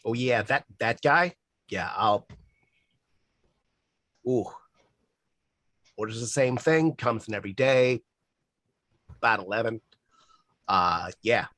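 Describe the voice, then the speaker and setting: A man voicing a casual, helpful café worker in a loose attempt at a Boston accent, low-pitched and a bit husky. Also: very animated, brisk, hardly any pauses, bright, forceful tone, no room sound, heavily acted. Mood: easygoing.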